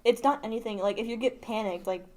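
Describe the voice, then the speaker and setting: High-ish teen girl host, chill and upbeat, like like like. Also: quick pace, a little mellow. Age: teens. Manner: upbeat, laid-back, says "like" often. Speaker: podcast host. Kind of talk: casual podcast chat.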